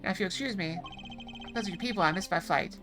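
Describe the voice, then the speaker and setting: A woman's voice: on the low side, lightly acted. A woman reading a haughty diplomat villain. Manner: measured, haughty, dismissive. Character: smug foreign male diplomat villain. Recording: music playing underneath.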